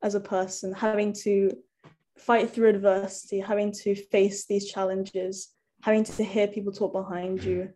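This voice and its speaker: Earnest woman player on a panel call, mellow warm voice. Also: medium pitch, flat delivery, normal speed. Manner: earnest, reflective, with hesitations. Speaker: baseball player. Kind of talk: panel discussion.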